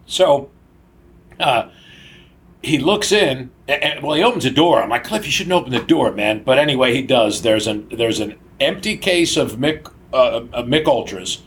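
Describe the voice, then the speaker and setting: A man's voice: mid-range voice, expressive, moderate pace. An older man co-hosting a casual podcast, telling stories and laughing often. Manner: laughs often, acts out quoted voices. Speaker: podcast co-host. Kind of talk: casual storytelling chat.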